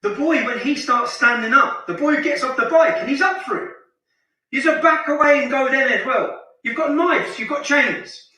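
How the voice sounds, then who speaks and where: A man's voice: extremely high pitch, normal speed, sharp tone, far from the mic. Ranting man, echoey playback. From Luton, England. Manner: heated, scornful, repeats phrases for emphasis. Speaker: online commentator narrating a street video. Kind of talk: indignant ranting commentary.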